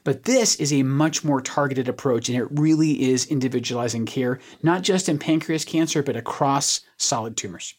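An oncologist explaining medical research on a podcast in an animated way, leaning on everyday analogies. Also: medium pitch, moderate pace, few pauses.

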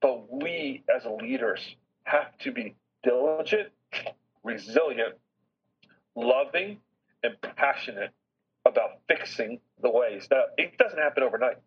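A middle-aged man speaking as an interview guest, earnest and heartfelt, pausing to reflect as he tells a personal story. His voice is husky, and it comes through a slightly dull, lo-fi recording. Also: mid-range voice, big pitch swings. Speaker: business chairman as podcast guest.

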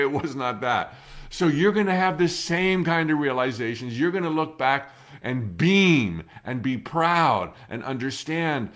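A middle-aged man with a medium-pitched voice talks straight to the listener in a motivational talk. He is earnest and reassuring and leans on repeated words. His delivery swings from loud, emphatic bursts to hushed, low stretches. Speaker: motivational speaker.

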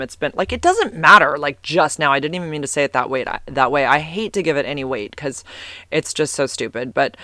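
A man speaking in a casual personal monologue, rambling through fillers and restarts and getting heated, with swearing for emphasis. His voice sits a little high and sounds smooth and clean. The recording is dry and close, with no room echo. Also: pushed and bright.

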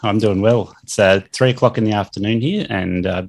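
Gravelly, deep-voiced Australian man. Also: a little fast. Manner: easygoing, joking. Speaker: podcast guest, lawn care business owner. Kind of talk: casual interview chat.

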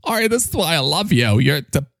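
A man's voice: fairly high pitch, very animated, brisk, vocal fry, a bit bright, no room sound, clean studio sound, voice pushed up, exaggerated voice. A man voicing Mike, a needy, jealous talking microphone with a whiny, clingy, sarcastic manner. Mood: gushing.

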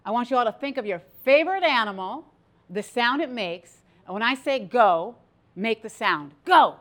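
A middle-aged woman giving a motivational stage talk, playful and animated, drawing the audience into participation. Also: on the high side, normal speed. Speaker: speaker. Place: stage before a live audience.

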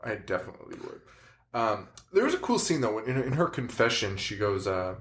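Podcast co-host, man, animated storyteller, laughs often. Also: on the low side, brisk. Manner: animated retelling with laughs and acted quotes. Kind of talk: casual movie chat.

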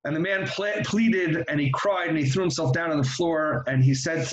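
A man's voice: a little high, moderate pace, few pauses. Earnest man teaching in an echoey room. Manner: earnest, with frequent restarts. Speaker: religious teacher. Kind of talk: reflective religious talk with storytelling.

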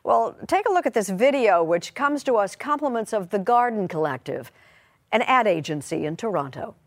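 A woman news anchor introducing segments crisply, with light amusement. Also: medium pitch, animated, moderate pace. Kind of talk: news presenting.

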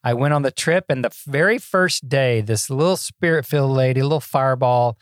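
A man's voice: medium pitch, fairly quick, no echo. An older man in his sixties talks through his past as a podcast guest. He is folksy and self-deprecating and often stumbles over a repeated word. The sound is dry and close, with no room around it. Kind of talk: casual interview storytelling.

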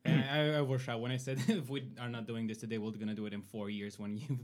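A man's voice: mid-range voice, flat delivery, quick pace. A man co-hosting a podcast in casual chat, tossing in wry jokes. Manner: wry, joking interjections. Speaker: podcast co-host.

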